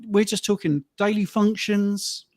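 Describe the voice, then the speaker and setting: A man's voice: high voice, steady tone, measured pace, no echo. A man, a fitness and rehab coach, chatting casually and telling heartfelt client stories. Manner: anecdotal, gets emotional telling stories. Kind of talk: casual panel chat.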